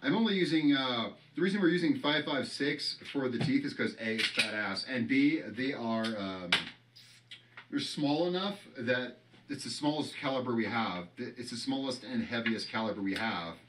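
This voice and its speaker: A man's voice: medium pitch, expressive, moderate pace, recorded from a distance, background noise. A man hosting a casual how-to vlog, rambling and joking as he works and swearing now and then. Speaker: channel host.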